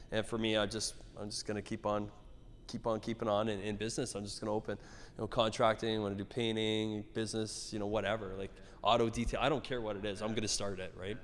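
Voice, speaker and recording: A middle-aged man from Canada, a gym owner chatting in an interview, rambling and swearing with lots of restarts. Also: fairly low pitch. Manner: rambling, profane, animated storytelling with many restarts. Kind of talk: casual interview chat. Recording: echoey hall reverb.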